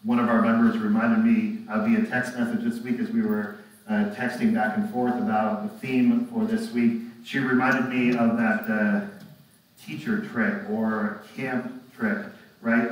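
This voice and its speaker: A man preaching a reflective sermon as pastor, often ending thoughts with tag questions. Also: on the low side. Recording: echoey room, mic far off.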